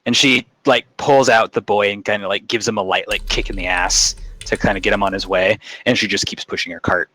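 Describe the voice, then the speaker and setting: A man's voice: on the low side, fairly even intonation, a little fast, hardly any pauses, sharp tone, poor audio. A man narrating as game master of a tabletop game, casual and full of restarts.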